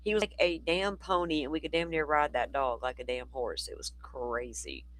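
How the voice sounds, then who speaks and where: A man's voice: a little high, normal speed, fairly bright tone, a little hiss or hum, poor audio. A man hosting a livestream, chatty and rambling, his voice worn from talking all day. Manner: chatty, rambling, talks to chat. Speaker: livestream host. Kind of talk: casual live commentary.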